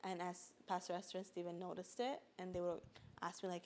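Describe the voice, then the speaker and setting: A woman's voice: on the low side, level tone, a little fast, slight background noise. A woman speaking casually and earnestly about her own experience on a podcast, often saying "like" and at times holding back tears. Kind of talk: casual personal testimony.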